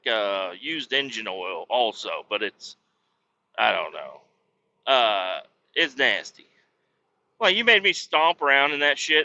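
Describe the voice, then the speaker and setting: A man's voice: mid-range voice, pushed and bright. A man hosting a podcast, telling a work story in casual, exasperated, profane rants. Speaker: podcast host. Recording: dull lo-fi podcast audio.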